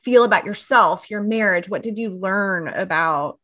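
A woman's voice: medium pitch, moderate pace, a bit bright. A woman hosting an interview, asking questions and sharing her own experience in an empathetic way. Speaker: podcast host. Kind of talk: interviewing, casual chat.

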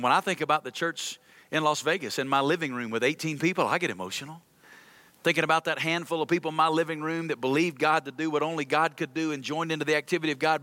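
A man's voice: on the high side, pushed and bright, no room sound. A male pastor preaching a sermon with emphasis, repeating key phrases.

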